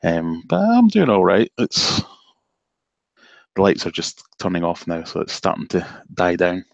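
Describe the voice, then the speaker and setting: Deep-voiced Scottish man chatting on a stream. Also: measured pace, vocal fry, dry recording. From Scotland, south of Glasgow. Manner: relaxed, chatty, self-deprecating. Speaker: guest fishkeeper. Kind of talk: live stream chat. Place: home office. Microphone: video call.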